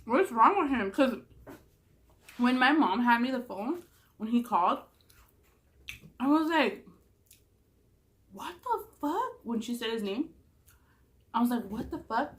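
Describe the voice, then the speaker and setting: Young socal woman telling a story on her vlog, kinda high voice, swears a lot, does the voices of people she quotes. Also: expressive, a little slow, long pauses. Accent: Southern California. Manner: chatty, swears a lot, acts out quotes in a higher voice. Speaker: vlogger. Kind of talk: casual storytelling while eating.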